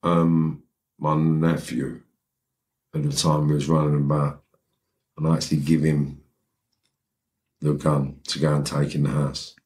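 A man's voice: very deep voice, level tone, a little slow, pauses often, a little mellow. A middle-aged man with a London accent, a podcast guest telling a story in a blunt, streetwise, rambling way, checking in with "right?" as he goes. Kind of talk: casual storytelling in a podcast interview.

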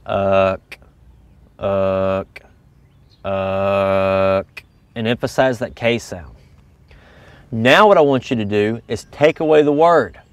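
Man in his own voice, mid pitch, plain coach explaining technique step by step, dry close sound. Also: lively intonation, moderate pace, dry recording. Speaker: goose calling instructor. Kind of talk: instructional video lesson.

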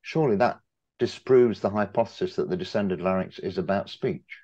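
A very deep-voiced older man makes his point from the audience, animated and emphatic as he builds up to a long question. The audio is dull and muffled, with a lo-fi feel. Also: normal speed, slightly rough. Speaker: audience member asking a question. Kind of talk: discussion after a talk.

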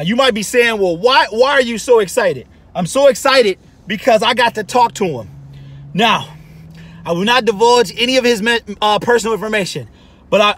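Excitable vlog host, high bright voice, swoops up and down a lot, gushing and breathless. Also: male voice, a little hiss or hum. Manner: breathless, gushing, repeats exclamations. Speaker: sports channel host and delivery driver.

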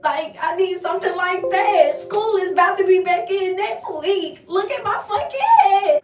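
A young woman with a very high voice, venting in a casual comedic vlog with profane, exasperated ranting. She sounds a little off-mic in a roomy space with faint background noise. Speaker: vlogger. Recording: roomy echo, heard from a distance.

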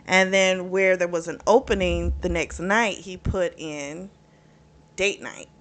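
A woman's voice: fairly low pitch, fairly even intonation, slow pace, fairly bright tone. A woman casually recapping a novel's plot for her book channel, talking loosely with plenty of fillers. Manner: chatty, retells scenes with lots of fillers. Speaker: book reviewer.

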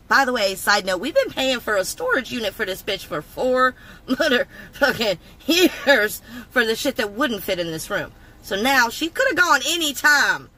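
A woman vents a long storytime from the driver's seat, swearing freely and sounding thoroughly fed up. Her voice sits a bit high and comes across bright and sharp. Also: big pitch swings, moderate pace, poor audio. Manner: profane, exasperated ranting. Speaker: vlogger. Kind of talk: casual venting storytime. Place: in a car.

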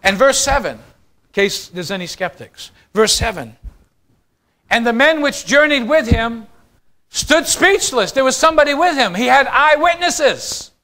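A man preaching to his congregation as pastor, moving between loud declarations and quiet asides and putting questions straight to the listeners. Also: very high-pitched, lively intonation, normal speed. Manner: addresses the congregation directly with questions. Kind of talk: sermon.

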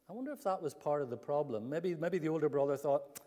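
A man's voice: on the high side, fast talker, dark tone. Guy preaching in a church, tells the story earnestly, big echoey hall. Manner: earnest storytelling, acts out quoted speech. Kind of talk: sermon. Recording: long church hall reverb.

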